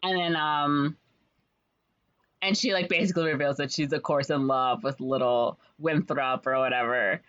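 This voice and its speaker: A woman casually retelling a story's plot in a rambling way, full of fillers and quick quoted voices. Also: low-pitched, steady tone, a bit bright. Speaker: podcast co-host retelling a musical's plot. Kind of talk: casual chat. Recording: slightly dull lo-fi audio.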